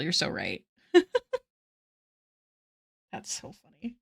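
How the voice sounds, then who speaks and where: A woman's voice: medium pitch, lively intonation, moderate pace, long pauses, a bit bright. Giggly woman chatting on a stream. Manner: chatty, giggly, reads chat aloud. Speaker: art streamer. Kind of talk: casual live-stream chat with viewers.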